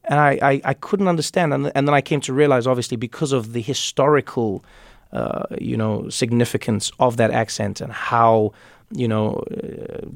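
A man's voice: medium pitch, vocal fry, dry recording, studio quality. A man from Africa, speaking thoughtfully as an interview guest and repeating words as he builds a point. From South Africa. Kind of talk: conversational interview.

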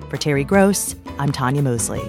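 A woman radio host closing a show and listing credits in a calm, composed way. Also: very deep voice, normal speed, gravelly, music in the background. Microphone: studio mic.

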